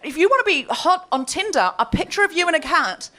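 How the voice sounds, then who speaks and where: A woman hosting a live comedy show tells a story with a bright, high voice that leaps up and down. She laughs as she goes, animated and quick to react. A faint hiss sits under the live recording. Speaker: comedy podcast host. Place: live comedy stage before an audience.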